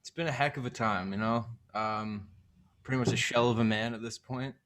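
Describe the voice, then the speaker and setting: A man's voice: medium pitch, fairly even intonation, brisk, a bit bright. A man, a film composer, chatting casually in a rambling way full of fillers. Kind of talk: casual chat.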